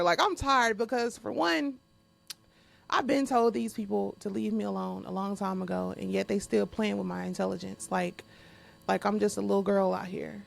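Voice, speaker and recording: Blunt, gravelly-voiced woman podcast host. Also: mid-range voice, fairly even intonation, normal speed. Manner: blunt and profane, addressing listeners directly; frequent laughter while venting. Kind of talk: casual podcast monologue.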